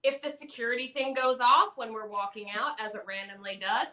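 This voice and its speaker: A woman's voice: on the high side, fairly quick. A middle-aged woman with an Australian accent, telling stories in a casual interview and acting out the voices of people she quotes. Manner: animated storyteller, acts out quoted voices. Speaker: guest content creator. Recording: echoey room.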